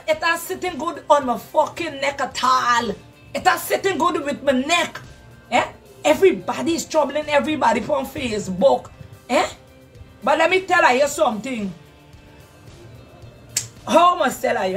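A woman's voice: sits high, fairly bright tone, far from the mic. A woman from Guyana with a Guyanese Creole accent, ranting heatedly with lots of cursing. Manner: fiery, cursing, emotional. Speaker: social media commentator. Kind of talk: heated live rant.

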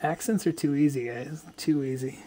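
A man's voice: fairly high pitch, moderate pace, dark tone. A man streaming a fishing game, chatting casually, joking and swearing freely. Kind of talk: casual live-stream chat.

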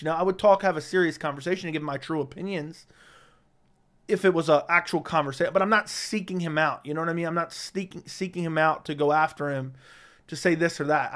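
An MMA commentary streamer chats casually on a livestream, blunt and outspoken, his slightly high voice bright, clear and resonant. All that talking has left it strained and tired.

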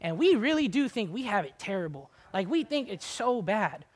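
A man preaching a conversational sermon, casual and chatty with many "like" fillers, swinging between quiet asides and loud, high exhortation. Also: big pitch swings, normal speed.

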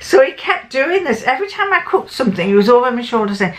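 A woman's voice: on the high side, expressive, fast, hardly any pauses. An older woman, chatting casually to camera as a sewing vlogger. She rambles and often restarts or corrects herself mid-sentence.

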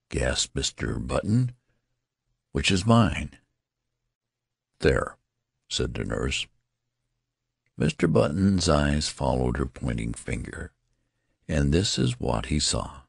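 An audiobook narrator with a very deep, gravelly, darkish male voice reads scripted narration. The recording is dry, with clean studio sound.

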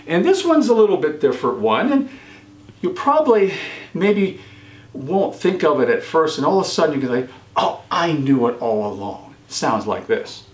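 Lively, encouraging man quizzing kids. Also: moderate pace. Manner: encouraging, praises often, pitch jumps on answers. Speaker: children's show host. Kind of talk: quiz for children. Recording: echoey room.

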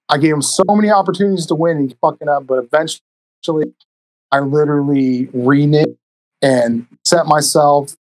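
A man with a slightly high, slightly mellow voice tells stories as a podcast guest, rambling casually in a laid-back way and swearing freely. He uses a cheap USB microphone, so the recording is low quality, though there's no echo.

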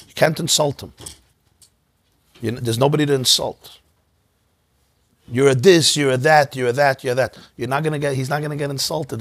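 Man, rabbi, husky voice, dry close sound, chatty storytelling, informal class. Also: medium pitch, dry recording. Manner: conversational, storytelling, animated asides. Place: synagogue.

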